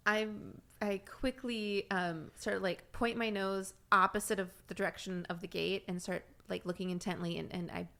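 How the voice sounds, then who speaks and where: A woman's voice: mid-range voice, steady tone, normal speed, gravelly, few pauses, bright, forceful tone. A woman player describing her character's actions in a tabletop game, with many fillers. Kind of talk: casual tabletop role-play.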